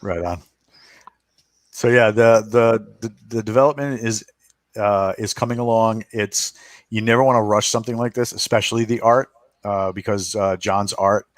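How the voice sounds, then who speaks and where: A man on a podcast panel, talking casually and filling pauses with lots of uh and um. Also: on the low side, steady tone, dry recording. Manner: rambling with frequent uh and um fillers.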